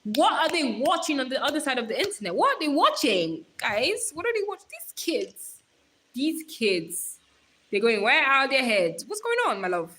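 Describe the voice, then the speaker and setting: A woman livestreamer chatting casually, animated and laughing often as she teases and advises her viewers. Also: high-pitched, a little fast, few pauses, slight background noise. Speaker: livestreamer reading chat.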